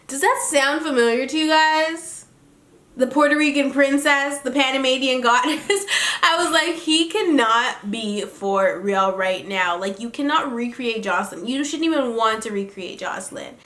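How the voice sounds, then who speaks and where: A sassy woman dishes gossip as she recaps a reality show for her viewers. Her voice is bright and a little high, and it rings in an echoey room. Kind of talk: casual chatty recap.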